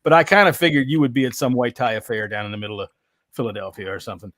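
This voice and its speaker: A man's voice: mid-range voice, fairly even intonation, racing, fairly bright tone, no echo, clean studio sound. A man hosting a casual sports podcast, teasing his guests and joking. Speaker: podcast host.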